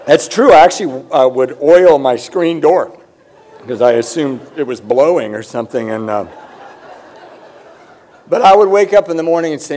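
A man's voice: a little high, expressive, normal speed, darkish tone. A middle-aged man telling his recovery story with humor, candid and self-deprecating. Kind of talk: personal testimony with humor.

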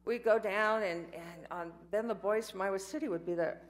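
A woman's voice: mid-range voice, normal speed. An older woman telling her life story in a candid, rambling way, with self-mocking asides. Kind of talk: personal storytelling talk.

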